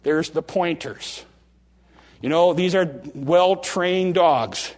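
A man preaching a sermon from the pulpit in a folksy, animated way, often restarting phrases and slowing down for drama. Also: high-pitched. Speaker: pastor. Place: church sanctuary. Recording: long reverb of a large hall.

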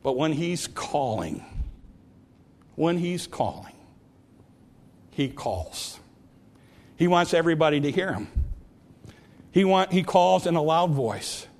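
A man preaching a sermon, swinging from loud, ringing calls to hushed, quiet lines. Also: fairly high pitch, sing-song, takes it slowly, pauses often.

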